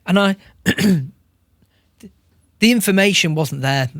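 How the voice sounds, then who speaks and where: A man, a podcast guest speaking in a measured, reflective way. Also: high voice, fairly bright tone, no room sound, studio quality. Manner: measured and reflective, with some restarts. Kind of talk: reflective interview talk.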